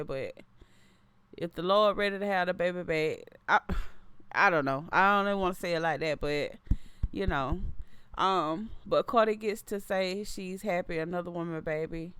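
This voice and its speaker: A woman's voice: lowish voice, fairly bright tone, smooth, no room sound. A woman in her thirties hosting a casual livestream, chatting loosely and reading viewer comments aloud, often repeating and restarting her phrases. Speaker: livestream host.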